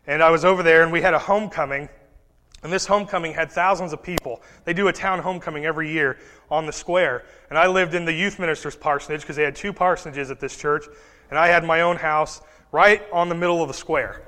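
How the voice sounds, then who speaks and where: A young man preaching a sermon and telling a personal story, swinging between hushed and loud delivery. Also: on the high side, long reverb tail.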